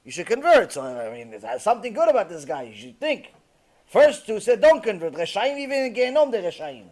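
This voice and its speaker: A man's voice: high-pitched, big pitch swings, a little fast, a little mellow. A man preaching as a rabbi, retelling a story with passion and frequent fillers. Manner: impassioned, many fillers. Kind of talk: sermon storytelling.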